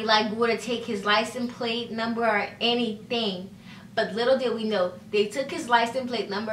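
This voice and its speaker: Young woman, storytime vlog, bright voice, slightly high, fillers like "like" and "you know", echoey room, a bit back from the mic. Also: recorded from a distance, slight background noise. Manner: chatty, fillers of "like" and "you know", acts out quoted dialogue. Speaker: vlogger. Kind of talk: casual storytime.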